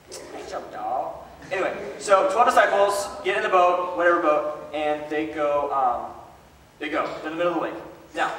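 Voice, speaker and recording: Bright-voiced man preaching in an echoey hall. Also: on the high side, recorded from a distance. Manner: joking, animated, chatty asides. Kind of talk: casual sermon storytelling. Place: large hall.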